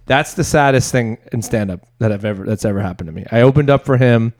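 A man's voice: medium pitch, a little mellow. A man co-hosting a comedy podcast, telling a story in casual chat and laughing often. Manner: laughs often, chatty, quick asides.

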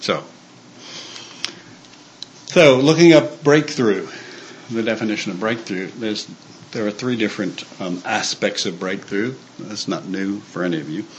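A man's voice: lowish voice, a little slow, long pauses, a little hiss or hum, low-quality recording. A man giving an informal sermon to a church staff group, conversational and full of fillers and restarts. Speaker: church speaker.

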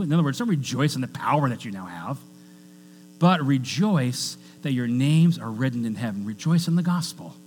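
A male pastor preaching a conversational sermon, reading scripture aloud with joking asides. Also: medium pitch. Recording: long church reverb with faint mains hum.

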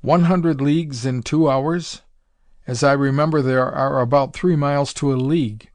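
A man's voice: mid-range voice, fairly even intonation, moderate pace, a little mellow, dry recording, lightly acted. A man voicing a tired, shaken aviator who keeps asking incredulous questions. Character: startled weary male aviator.

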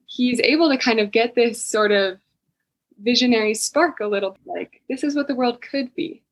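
A woman gives her view in a class discussion. Her voice is fairly high. She speaks casually and thoughtfully, with many likes. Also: normal speed, poor audio.

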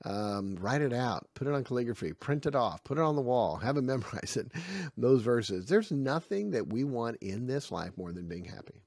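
A man giving a spoken Bible lesson to parents. He is animated and acts out the dialogue in his stories. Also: medium pitch, normal speed, no room sound. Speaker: family Bible teacher.

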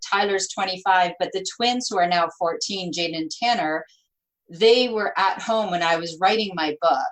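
Middle-aged lady author chatting away, tells stories and laughs a lot, normal mid pitch. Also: poor audio. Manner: chatty, animated storytelling with laughs. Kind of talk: casual conversation.

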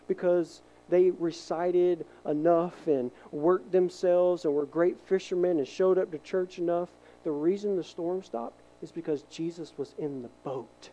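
A man preaching from the pulpit with a warm, mellow tone. His delivery is animated; he acts out voices in his stories and sometimes drops to a soft hush to stress a point. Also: fairly high pitch, normal speed, vocal fry, highs cut off. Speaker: pastor. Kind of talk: sermon.

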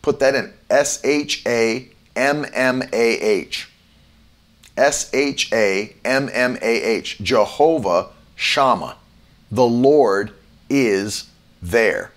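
Emphatic male preacher spelling out words. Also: medium pitch. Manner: emphatic, repeats key phrases slowly, spells words out. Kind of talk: online sermon teaching.

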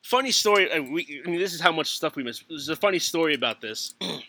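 A middle-aged man telling stories in casual chat as a podcast co-host, animated, laughing often and swearing. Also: a little high, fast talker, dry recording.

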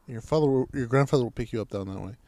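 Profane, animated man telling a story. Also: medium pitch, racing. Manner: profane, animated, acts out quoted arguments. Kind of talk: casual storytelling chat.

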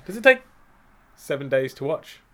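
A man's voice: fairly high pitch, big pitch swings, moderate pace. A man co-hosting a podcast, bantering playfully and laughing often in casual chat. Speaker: podcast co-host.

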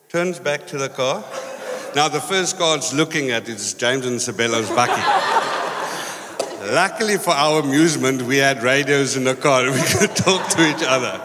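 Bright-voiced man in a hall. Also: medium pitch, slight background noise. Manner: animated, laughing storyteller. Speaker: church member reporting on a mission trip. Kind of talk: storytelling in a church service. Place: church hall. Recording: reverberant hall.

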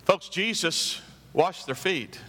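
A man preaching a sermon emphatically, acting out story voices and building to loud, high climaxes. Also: lively intonation, slightly rough, big-room sound. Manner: acts out story voices with drawn-out phrases. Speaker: pastor.

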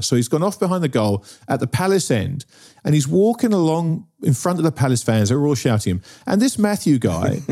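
A man's voice: mid-range voice, dark tone. A middle-aged man, telling a story in casual chat and often checking in with "right?". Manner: storytelling, keeps asking "right?". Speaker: podcast co-host.

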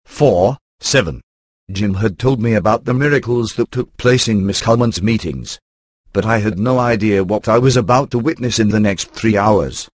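A man reading a first-person book aloud in an even, computer-rendered narration. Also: fairly low pitch, normal speed, no room sound. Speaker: audiobook narrator.

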